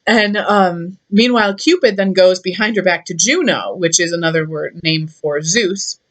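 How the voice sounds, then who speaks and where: A woman's voice: fairly low pitch, moderate pace, a bit bright. A young woman retelling a myth in a chatty, irreverent way, with many fillers. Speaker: storyteller.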